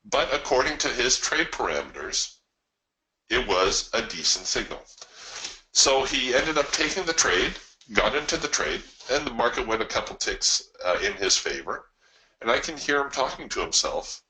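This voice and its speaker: A man's voice: medium pitch, big pitch swings, normal speed, sharp tone, low-quality recording. A man hosting a live trading webinar, explaining his approach in a conversational way and telling stories to his listeners. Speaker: trading coach and webinar host.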